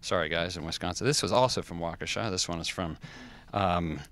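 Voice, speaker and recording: A man from the US West Coast hosting a restaurant livestream, reading fan mail in a halting, rambling, self-deprecating way with many fillers. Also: low voice, fairly bright tone, dry recording. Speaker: livestream host.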